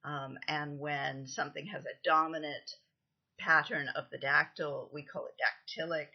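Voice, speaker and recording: A woman lecturer giving a recorded lesson, explaining things patiently, counting out stresses and often pausing with "um". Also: deep voice, flat delivery, husky, muffled recording. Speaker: literature lecturer.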